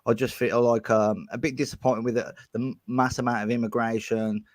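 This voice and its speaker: A man's voice: mid-range voice, fairly even intonation, a little fast, no room sound. A man from England calling into a livestream, talking earnestly with hesitations and stammers. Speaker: caller. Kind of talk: casual livestream chat.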